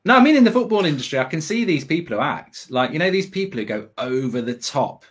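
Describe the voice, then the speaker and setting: A man's voice: a little high, sing-song, fast, slightly rough. Rambling man telling stories. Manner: rambling, laughing, self-mocking, lots of fillers. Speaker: football pundit. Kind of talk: casual storytelling chat.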